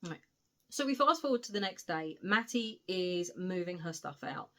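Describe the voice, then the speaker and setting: A British woman giving a casual spoiler recap of a novel she reviews, retelling it in an animated way with cheeky asides and the odd swear word. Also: lowish voice, normal speed. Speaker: book reviewer.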